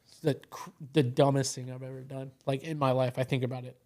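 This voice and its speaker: Male podcast guest, casual rambling storyteller, average pitch. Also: level tone, brisk, dark tone. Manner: rambling, full of "you know" and "like".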